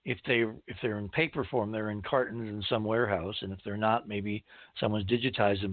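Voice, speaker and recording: A man's voice: lowish voice, no room sound, narrow, tinny audio. A man hosting a talk show, interviewing a caller and explaining ideas in a conversational way. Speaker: host.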